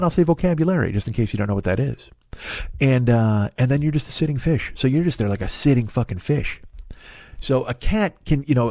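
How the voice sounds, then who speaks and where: Profane rambling comedian, dry close sound. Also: male voice, medium pitch, a little mellow, no room sound. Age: 40s. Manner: profane, digressive, self-interrupting. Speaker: podcast host.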